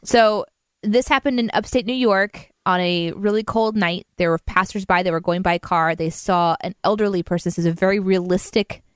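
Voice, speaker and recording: A woman's voice: medium pitch, moderate pace, smooth, no room sound, studio quality. A woman radio co-host chatting casually and reading out odd news stories. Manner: chatty, reads stories aloud.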